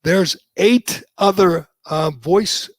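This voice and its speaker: A male talk radio host speaks with a gravelly, creaky edge, close and dry with no room sound. He talks sarcastically and opinionatedly, stumbling over fillers as he goes. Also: sits high, drawn-out words, no echo. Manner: sarcastic, hesitant with many fillers.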